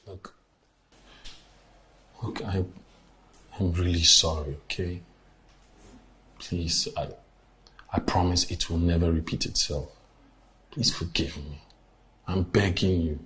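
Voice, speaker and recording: An actor with a Nigerian accent playing a pleading young husband who stammers, in a film drama. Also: male voice, sits low, fairly even intonation, takes it slowly, long pauses, a bit bright, a little hiss or hum.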